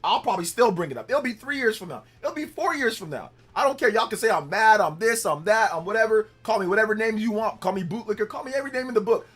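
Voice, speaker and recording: A man's voice: high-pitched, lively intonation, fast, hardly any pauses, a bit bright, slightly rough. A man hosting a casual gaming livestream, rambling in repeated phrases and defiant at times. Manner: repetitive, heated, defiant rambling. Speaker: livestream host.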